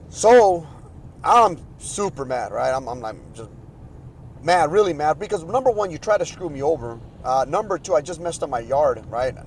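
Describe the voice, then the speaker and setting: A man's voice: fairly high pitch, darkish tone, slight background noise, rough recording. A man hosting a podcast, telling a long frustrated story in a casual, rambling way with many restarts. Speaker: podcast host.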